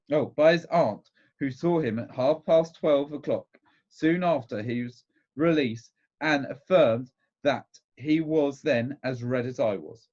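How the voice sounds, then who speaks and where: A man reading a classic novel aloud in a lively, rising-and-falling voice, now and then tripping over a word and starting the phrase again. The sound is dull and muffled, like a lo-fi recording. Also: mid-range voice. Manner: lively, stumbling over words and restarting phrases. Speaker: reader.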